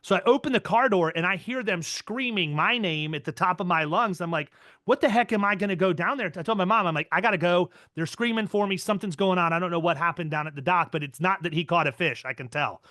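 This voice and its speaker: High, bright-voiced male podcast host. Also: no room sound, clean studio sound. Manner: animated, talks in quick bursts. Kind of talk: casual storytelling chat.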